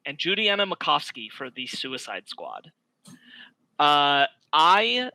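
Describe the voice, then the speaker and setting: A man's voice: fairly high pitch, sharp tone, no echo, rough recording. A man co-hosting a casual podcast, reading out award nominees and winners and giving his own picks. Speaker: podcast co-host announcing awards.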